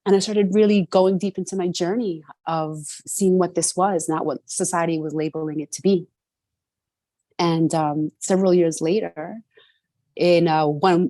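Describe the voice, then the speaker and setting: An earnest middle-aged woman from New York City tells her story as a guest, her voice sitting a little low. She keeps checking in with a quick "right?". The sound is dry and close over a video call. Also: darkish tone, dry recording. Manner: earnest, often adds "right?". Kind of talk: reflective personal storytelling.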